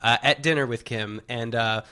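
A man guesting on a podcast, chatting casually with quick comic asides. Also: mid-range voice, fairly even intonation, pushed and bright. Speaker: guest, actor. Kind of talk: casual chat.

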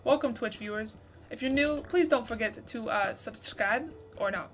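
A woman's voice: fairly high pitch, moderate pace. A woman in her twenties hosting a casual gaming livestream, chatting and thanking viewers for gifts. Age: 20s. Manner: reads out viewer messages, thanks gifters excitedly. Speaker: livestream host.

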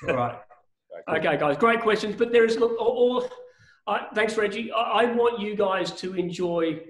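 A man, a business coach teaching a seminar in an energetic way, acting out phone calls and often restarting his sentences. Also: high-pitched, normal speed. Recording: echoey room.

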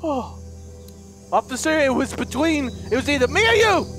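High, lively, goofy gaming man. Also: moderate pace, faint music behind. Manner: loud, goofy, excitable, often laughing. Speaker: let's play host. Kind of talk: gaming commentary.

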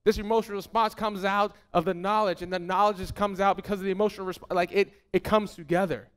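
Pastor guy preaching hard, kinda high voice, repeats himself, goes quiet at the end of points. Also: steady tone, quick pace, smooth. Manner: fervent, emphatic preaching with repetition. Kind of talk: sermon.

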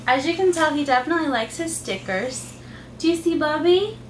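A mother who hosts a channel chats through a casual unboxing, slipping into sing-song baby talk with her little kids. Her high voice is expressive and brisk, recorded in an echoey room with the mic far off, faint ambience, and a little hiss or hum.

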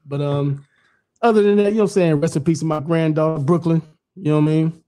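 A man's voice: on the high side, fairly even intonation, quick pace, dark tone. A middle-aged man talking in a loose, rambling way, peppering everything with "you know what I'm saying" and blunt, profane remarks. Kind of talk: casual podcast chat.

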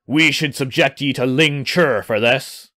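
A man voicing a menacing male pirate captain who snarls threats in an archaic seafaring dialect, in a much lower, quieter voice. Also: expressive, unhurried.

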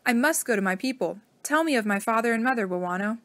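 Storybook captive man, earnest and determined, read by a woman, a touch higher, dry. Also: expressive, fast, fairly bright tone, no echo. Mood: urgent.

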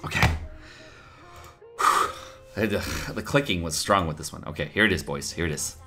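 A man's voice: sits low, moderate pace, sharp tone, soft background music. A man hosting a gaming video, trash-talking friends in a joking, hyped commentary. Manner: joking trash talk, hyped, laughing often. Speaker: gaming YouTuber host. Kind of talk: casual gameplay commentary.

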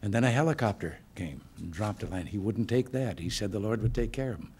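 Older guy from the states, slightly low voice, folksy speech to staff, dry jokes. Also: brisk, slight background noise. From United States. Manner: folksy, relaxed storytelling with dry humor. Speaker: president giving remarks. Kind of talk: informal speech with joke stories. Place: hotel function room.

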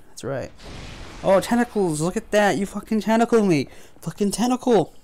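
Male gaming host, high voice, profane running commentary. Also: lively intonation, normal speed, a little mellow. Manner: frustrated, profane trash talk. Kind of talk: gameplay commentary.

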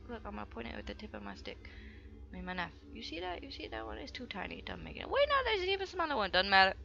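Bright, lively young woman gaming. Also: on the high side, fast talker, vocal fry, highs cut off. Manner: goofy, playful, talks to herself and the game. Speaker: let's play gamer. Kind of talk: casual gameplay commentary.

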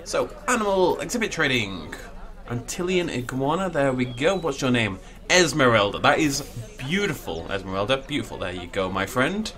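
A man's voice: mid-range voice, sing-song, moderate pace, a bit bright. A man giving casual, playful commentary while he plays a video game, full of jokey asides. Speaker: let's play host.

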